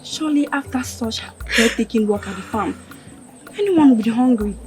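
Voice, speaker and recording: An actress playing a kind young woman who comforts a crying friend, with a Nigerian accent, gentle and coaxing. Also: on the high side, lively intonation, moderate pace, over music, close to an everyday voice. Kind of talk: Nollywood film acting.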